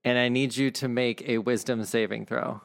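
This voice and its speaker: Man, game master, relaxed, casual swearing, gravelly. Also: medium pitch, moderate pace. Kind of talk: running a tabletop game.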